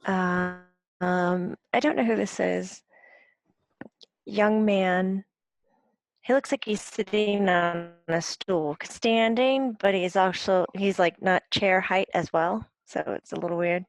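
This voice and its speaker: A woman working as a psychic medium, talking in a relaxed, hesitant way with many pauses and fillers. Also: medium pitch, no echo. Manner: hesitant, many ums, laughs often. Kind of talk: relaxed conversational channeling.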